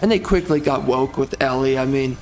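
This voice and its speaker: A man's voice: medium pitch, normal speed, a little hiss or hum. A man ranting as he commentates over gameplay, exasperated and heated, repeating himself and swapping in mild stand-ins for curses.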